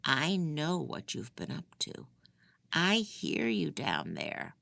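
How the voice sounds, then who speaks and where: Reader putting on a raspy old crazed lady prisoner, bright edge, dry. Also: mid-range voice, huge pitch swings, slow pace, no room sound, pitched above the performer's own voice, full character voice. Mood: secretive. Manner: menacing, then shrieking. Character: frail old female prisoner, unhinged. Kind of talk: audiobook character voice.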